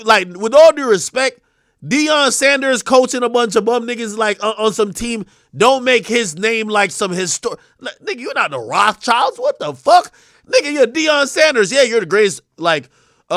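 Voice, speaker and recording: A young man hosting a livestream, ranting bluntly and swearing, dropping to mumbles and then rising to shouts. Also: very high-pitched, no room sound, clean studio sound. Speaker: livestream host. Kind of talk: casual livestream rant.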